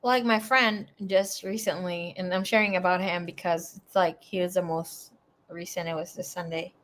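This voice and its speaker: A woman's voice: on the low side, fairly even intonation, moderate pace. Chatty swearing woman tarot reader. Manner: chatty, swearing, rambling asides; swings between loud bursts and quiet mumbling. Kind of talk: casual live tarot reading.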